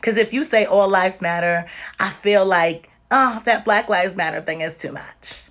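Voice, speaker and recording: This livestream host has a medium-pitched, fairly bright voice and talks a little slowly. Tearful and exhausted, she delivers impassioned, direct remarks full of emphasis and repetition.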